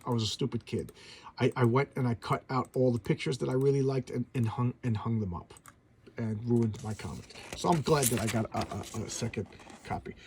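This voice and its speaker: A man's voice: mid-range voice, darkish tone, breathy edge. A middle-aged man chatting casually about old comics, enthusiastic and rambling, with lots of stammered restarts. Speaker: comic collector host. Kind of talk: casual comic review chat.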